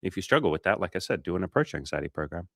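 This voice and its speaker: A low-voiced Australian man talks loosely through a coaching livestream. His speech is casual and full of swearing, and he slips into short acted-out scenes. The sound is close and dry. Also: sing-song, rapid-fire, gravelly, fairly bright tone, no echo. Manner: casual, swears often, acts out little scenes. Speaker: dating coach.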